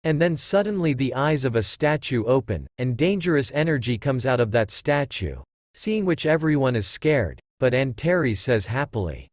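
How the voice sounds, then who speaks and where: A man's voice: medium pitch, very animated, normal speed, no echo. A man narrating a comic recap in a plain, repetitive retelling.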